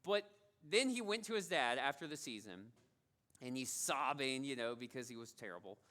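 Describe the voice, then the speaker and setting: A man's voice: mid-range voice, animated, moderate pace, bright, forceful tone, slight background noise. A male pastor giving a sermon in a conversational storytelling way, repeating his key phrases for emphasis.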